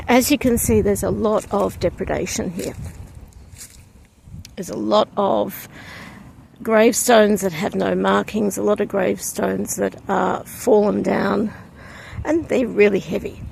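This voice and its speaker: A woman's voice: medium pitch, slow, vocal fry, pauses often, darkish tone, slight background noise. A woman talking casually and reflectively to her camera as she walks through an outdoor cemetery on a breezy day. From from outside Poland. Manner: reflective, chatty, with frequent ums. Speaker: vlogger. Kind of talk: casual vlog walk-through. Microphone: handheld camera.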